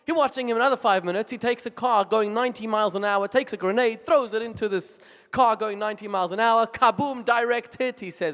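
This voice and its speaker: Male rabbi, animated sermon, high pitched, big hall reverb. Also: fairly quick, few pauses. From Zimbabwe. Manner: animated joke-telling, emphatic. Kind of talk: storytelling sermon. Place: large music hall. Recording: long reverb of a large music hall.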